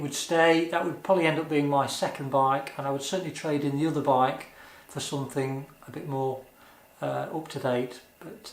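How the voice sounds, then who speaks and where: Man, casual q&a vlog, somewhat high voice, earnest and hesitant, roomy echo. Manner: earnest, chatty, hesitant with many ums. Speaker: motovlogger answering viewer questions.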